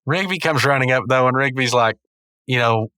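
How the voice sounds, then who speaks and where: Male podcast host, rambling casual recap, bright tone, dry close mic. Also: mid-range voice, a little fast, smooth, no room sound. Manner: rambling, self-correcting, chuckling.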